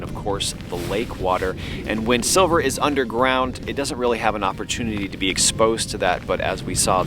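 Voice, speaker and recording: Lowish-voiced man narrating a detecting vlog. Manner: explanatory, enthusiastic about finds. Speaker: metal detecting host. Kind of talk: casual outdoor vlog narration. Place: outdoors on a lake beach. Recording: background music under the voice.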